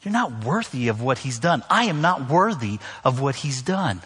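A man's voice: mid-range voice, sing-song, normal speed, few pauses, fairly bright tone, breathy edge. A man from the northern United States preaching a sermon to his church, conversational and joking, with emphatic repetition. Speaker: pastor. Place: church sanctuary. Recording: long hall reverb.

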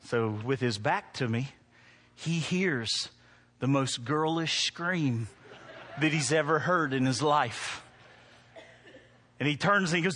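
A man's voice: mid-range voice, measured pace, fairly bright tone. A middle-aged male pastor preaching to a congregation, mixing humorous stories with emphatic preaching. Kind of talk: sermon. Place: church before a congregation.

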